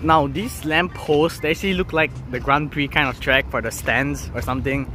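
A man's voice: on the high side, steady tone, normal speed, pushed and bright, faint music behind. A man vlogging casually outdoors, thinking aloud with laid-back slang as he sets up photos. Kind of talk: casual narration while shooting photos.

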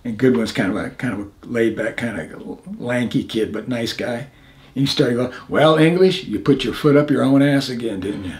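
A man's voice: medium pitch, normal speed, a little mellow. An older man, a veteran being interviewed, telling stories animatedly, acting out the lines of others and laughing often. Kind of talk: storytelling interview.

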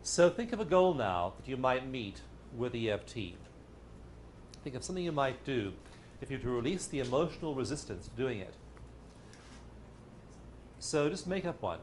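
A man with a middle-pitched voice leads a lively workshop with a playful, joking delivery. He slips in little acted-out voices as he teaches. A faint hiss of room noise sits underneath. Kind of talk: lively teaching talk to a live audience.

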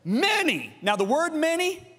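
A middle-aged man preaching a sermon, emphatic and animated, swinging between loud and hushed delivery. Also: high voice, moderate pace. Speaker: pastor. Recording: long hall reverb.

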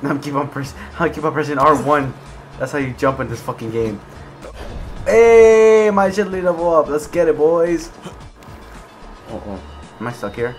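A young man giving gameplay commentary, swearing, swinging between low mutters and raging shouts. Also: moderate pace, long pauses, faint music behind. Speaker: gaming video creator.

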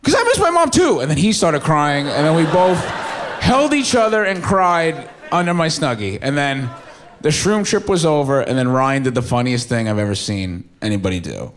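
A man's voice: fairly high pitch, animated, normal speed, slight background noise. A young man with a New York accent, from Staten Island, telling a story in a stand-up set and acting out his friends' voices. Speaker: stand-up comedian. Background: audience laughter.

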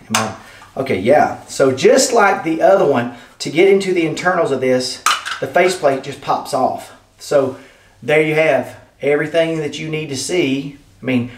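An enthusiastic man rambles through a casual unboxing, chatting to his viewers like friends. His voice sits a little high for a man. He stands back from the mic in an echoey indoor room. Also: distant mic. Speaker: product reviewer. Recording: roomy sound, off-mic.

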